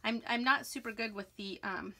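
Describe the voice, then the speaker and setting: Bright-voiced woman chatting through a craft demo. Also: a little high, normal speed. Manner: chatty, self-talking while working. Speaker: stamping demonstrator. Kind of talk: casual craft tutorial.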